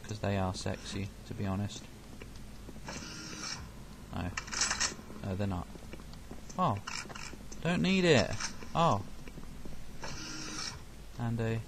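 A man's voice: on the low side, slow pace, creaky, pauses often. A young man doing let's play commentary, sarcastic, talking to enemies and swearing and yelping when hit. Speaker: gaming commentator. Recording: noisy game background.

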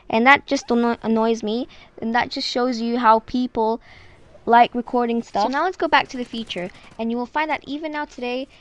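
A woman chatting through a casual vlog and sharing her opinions. Her voice sits a little high, and she keeps dropping "like" into her sentences. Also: muffled recording. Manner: chatty, many "like" fillers. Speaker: vlogger.

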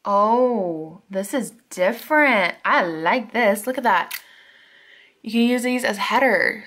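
A woman chatting casually to viewers at her desk at home while unboxing planner supplies, gushing and excitable with chatty asides. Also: fairly high pitch, takes it slowly.

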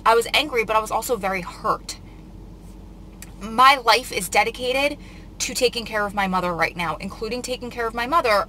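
A woman's voice: medium pitch, bright, forceful tone, slight background noise, rough recording. A young woman telling a long, rambling story to her viewers, close to tears as she talks. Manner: tearful, confiding, rambling retelling. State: on the verge of tears. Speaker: vlogger. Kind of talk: emotional storytime vlog.

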